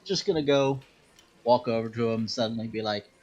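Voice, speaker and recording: Offhand joking male player, middle pitch, dull lo-fi audio. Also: a little fast, a little mellow. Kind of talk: casual tabletop play.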